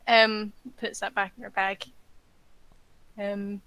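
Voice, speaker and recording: A woman's voice: mid-range voice, flat delivery, a little slow, sharp tone, no echo, low-quality recording. A young woman playing a tabletop game, describing her character's actions in a hesitant way with many fillers and laughs.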